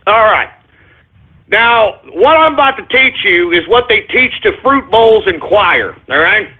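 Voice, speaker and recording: A man's voice: sits high, very animated, measured pace, breathy edge. A man hosting a talk radio show, ranting and rambling, repeatedly asking "all right?", over a tinny phone-line sound.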